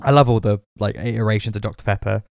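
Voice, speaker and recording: A man in his twenties, co-hosting a podcast in casual, animated banter and swearing freely. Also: fairly low pitch, fast talker, vocal fry, no echo. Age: 20s. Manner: animated, swearing, laughs often. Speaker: podcast co-host.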